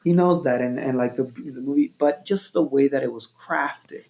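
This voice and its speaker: Male filmmaker guest, gravelly, mid-pitched, lively storyteller. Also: moderate pace. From Venezuela. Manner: animated, repeats phrases, acts out quotes. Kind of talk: casual storytelling chat.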